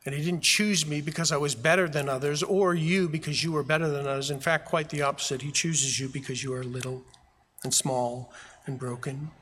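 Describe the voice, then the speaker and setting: A pastor preaches in a church sanctuary with a fairly high, steady, slightly bright voice, talking a little fast. His fervor builds as he repeats phrases emphatically, and the recording has the long reverb of a large hall along with a little hiss or hum.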